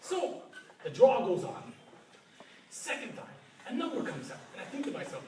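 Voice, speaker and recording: Animated high-voiced middle-aged man telling a story. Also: normal speed. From Ottawa, Canada. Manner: animated, laughs often, keeps asking "right?". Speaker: professor. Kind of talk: storytelling anecdote. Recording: echoey room, distant mic, crowd chatter.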